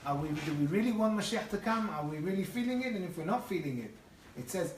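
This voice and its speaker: Man teaching torah with stories, lively, far from mic, echoey room. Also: sits high, fast talker, slight background noise. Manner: animated, often restarts phrases. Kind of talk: lively storytelling lecture.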